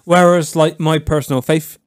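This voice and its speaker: Higher-voiced man, chatty. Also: fairly even intonation, moderate pace, smooth, no echo, studio quality. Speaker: podcast co-host. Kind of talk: drunk casual banter.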